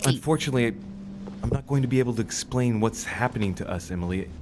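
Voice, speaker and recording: A man's voice: medium pitch, fast, a little mellow, a little hiss or hum, natural voice. A man voicing Louis, an earnest young nobleman. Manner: earnest, reassuring. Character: Louis, a young male nobleman, calm and resolute. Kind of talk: video game voice acting.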